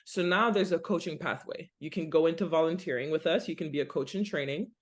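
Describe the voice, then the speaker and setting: A woman's voice: sits low, quick pace. Earnest woman guest explaining at length. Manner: earnest and explanatory, lists things in runs. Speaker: basketball nonprofit director, podcast guest. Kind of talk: casual interview talk.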